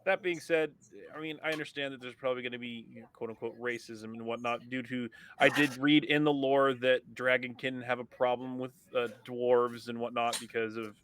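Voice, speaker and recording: Male player from California, mid-pitched, chatty and profane, frequent restarts. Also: fairly even intonation, a little fast, hardly any pauses, fairly bright tone, slight background noise. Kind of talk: casual tabletop session chat.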